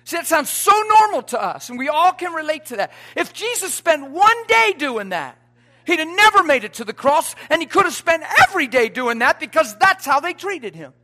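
A man preaching a sermon to a congregation, swinging from quiet asides to loud emphatic points, folksy and joking. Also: extremely high pitch, expressive, a little fast. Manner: folksy, joking, quotes everyday sayings.

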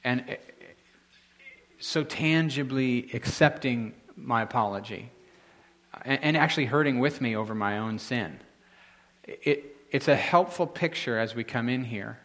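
A man's voice: medium pitch, a bit bright. A married man preaching a sermon in a casual, conversational way, with frequent restarts and filler words. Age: adult, married. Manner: conversational, halting with many restarts. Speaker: pastor.

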